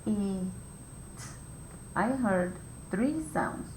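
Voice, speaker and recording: A woman teacher giving a phonics lesson to young children, explaining each step slowly and clearly with patient instructions. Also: expressive. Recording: echoey room with faint rumble.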